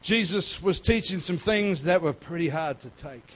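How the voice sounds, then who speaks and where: A man giving a sermon as pastor, emphatic and swinging between loud and soft. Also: fairly high pitch, lively intonation, normal speed, slightly rough.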